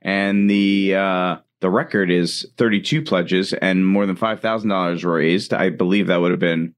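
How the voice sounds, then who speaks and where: A man hosting a radio fundraiser, making brisk and upbeat appeals for pledges and interviewing guests. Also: low voice, fairly even intonation. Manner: brisk, upbeat appeals, repeats the phone number. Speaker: radio host running a fundraiser.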